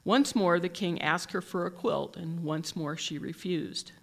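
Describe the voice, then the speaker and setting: A teacher reading a picture book aloud in a gentle, measured storytelling manner. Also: medium pitch, gravelly.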